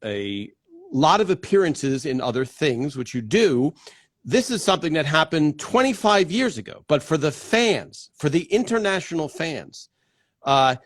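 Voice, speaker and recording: A man's voice: a little high, very animated, a little slow, dry recording, studio quality. A middle-aged man from New Jersey hosting a casual livestream, greeting viewers one by one with many fillers. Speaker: host.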